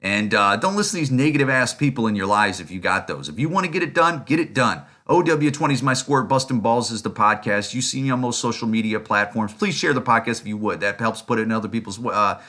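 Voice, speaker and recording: A man's voice: fairly low pitch, expressive, bright, forceful tone. A man hosting his own podcast, giving a blunt, profane solo rant full of fillers, restarts and repeated rhetorical questions. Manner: rapid, rising rhetorical questions. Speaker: podcast host.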